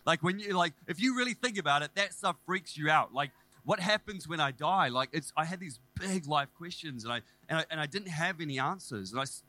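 A man, preaching and telling his own conversion story in a casual, animated, self-deprecating way. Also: on the high side. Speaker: preacher sharing testimony. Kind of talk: sermon testimony. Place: church service.

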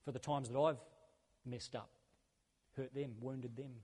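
A man's voice: mid-range voice, steady tone, measured pace, darkish tone. A man preaching a sermon as a pastor, earnest and conversational, building his points through repeated phrases. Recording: long hall reverb.

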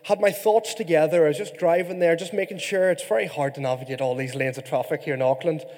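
A man from Ireland preaching a sermon, his voice high and mellow. He is animated and playful with the congregation, and his words carry a long hall reverb. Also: fast talker. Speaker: pastor.

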